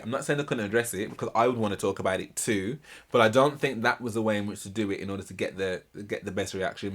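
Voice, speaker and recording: Animated man reacting. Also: medium pitch. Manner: animated, emphatic, repeats himself for emphasis. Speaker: reaction channel host. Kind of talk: casual reaction commentary.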